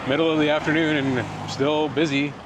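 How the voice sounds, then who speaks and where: A man's voice: a little high, a little fast. A man explaining things in an easy, casual way while walking outdoors for a travel vlog. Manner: relaxed, explaining things as he walks. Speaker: travel vlogger. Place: outdoors on a busy street. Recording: street and traffic noise.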